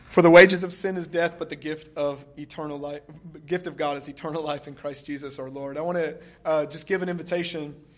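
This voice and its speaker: A man preaching a sermon, reading scripture slowly and commenting emphatically, often laughing. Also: on the high side, fairly even intonation, fairly bright tone.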